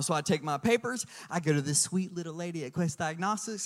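A man preaching a sermon, telling a personal story with lively, animated delivery and acting out other people's lines. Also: on the high side, fairly quick, in a large hall. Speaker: pastor. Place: church.

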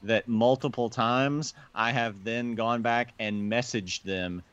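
A man's voice: medium pitch, slow pace, a bit bright, clear, resonant tone. A man co-hosting a podcast, chatting casually and jokingly, often hesitating and laughing at himself. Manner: joking, hesitant, self-deprecating. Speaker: podcast co-host. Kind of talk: casual film discussion. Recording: dry, dull lo-fi sound.

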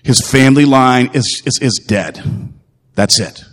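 A man's voice: medium pitch, a little slow, a bit bright, long reverb tail. A man preaching a sermon as pastor, earnest and emphatic, repeating phrases and putting direct questions to his listeners.

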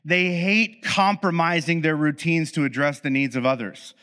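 A man's voice: on the high side, steady tone, normal speed, bright, forceful tone. Chatty man with a slightly raised voice. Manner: conversational, addresses listener as "you", acts out both sides of dialogues; frequent fillers and restarts, self-mocking asides. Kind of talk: explanatory monologue with acted scenarios. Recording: reverberant room.

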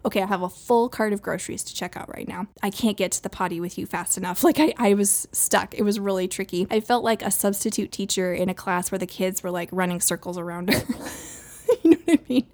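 A woman in her thirties hosts her own podcast in a chatty, cheerful way. She laughs easily and acts out quoted voices in her stories. Her pitch sits in the middle range for a woman. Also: fairly quick, a little mellow. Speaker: podcast host. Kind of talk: solo podcast chat.

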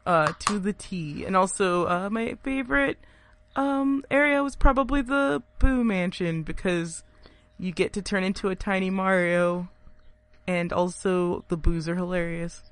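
A woman's voice: on the low side, unhurried. A woman co-hosting a casual podcast chat, talking with many fillers and frequent laughter. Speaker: podcast co-host.

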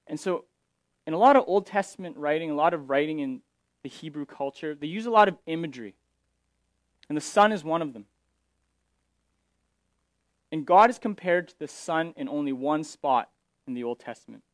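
A man's voice: on the high side, expressive, moderate pace, long pauses, dry recording. A male pastor explaining scripture in a sermon, paraphrasing verses and often restarting his sentences.

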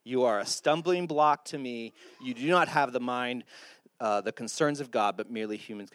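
A man preaching a sermon, animated and acting out the lines he quotes. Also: medium pitch, brisk, no room sound, clean studio sound. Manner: animated, acts out quotes in voices. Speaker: pastor.

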